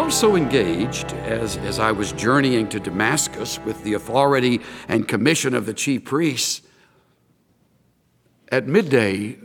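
A man's voice: medium pitch, gravelly, big-room sound, pitched below the performer's own voice. A pastor playing the apostle Paul in first person, earnestly recounting his conversion and stammering repeats as he gets carried away. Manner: earnest, repeats words in bursts as if overcome. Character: the apostle Paul, a fervent man defending himself before a king. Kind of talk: first-person dramatized preaching.

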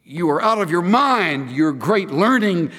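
A pastor voicing the governor Festus, shouting in disbelief at the accused. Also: male voice, high-pitched, very animated, unhurried, slightly rough, in a large hall, exaggerated voice. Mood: exasperated. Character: Festus, an exasperated male Roman governor.

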